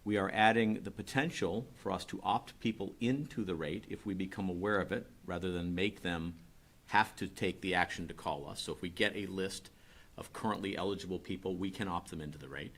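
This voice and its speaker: Deep-voiced man briskly explaining a rate plan. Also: a bit bright. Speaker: utility staff presenting a rate request. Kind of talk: public meeting presentation.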